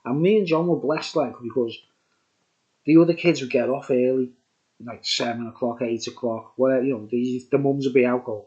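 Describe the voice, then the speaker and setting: An older man in his sixties tells a story in a casual, rambling way, drifting off on tangents and laughing at his own asides. His voice sits at an ordinary middle pitch. The recording sounds dull and lo-fi. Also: steady tone, moderate pace, dark tone. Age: 60s. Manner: chatty, digressive, chuckling asides. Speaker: vlogger.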